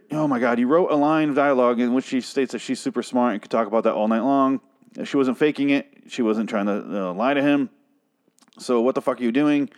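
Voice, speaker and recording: Profane, exasperated man ranting about a show. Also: mid-range voice. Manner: profane, exasperated, rambling with restarts. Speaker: TV show reviewer. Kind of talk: casual episode recap and rant.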